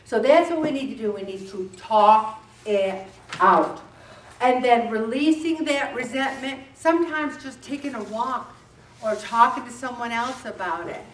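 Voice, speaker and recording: A middle-aged woman leading a faith-based weight loss group, talking in an animated way and acting out bits of dialogue. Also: a little high, a little slow. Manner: animated, acts out dialogue with voices. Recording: echoey room, distant mic, faint background noise.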